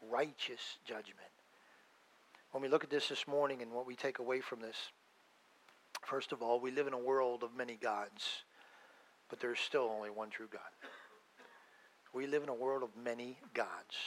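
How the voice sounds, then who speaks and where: Male pastor, middle-aged, fervent sermon delivery, voice sits a bit high, rises and drops sharply in volume. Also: normal speed, rough recording. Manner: emphatic preaching, swinging between loud and hushed.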